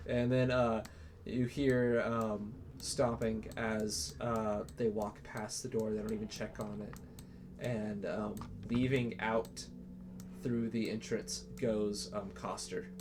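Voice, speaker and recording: A man narrating as game master in a casual, halting way, with many fillers. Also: lowish voice, little pitch movement, a little mellow, a little hiss or hum.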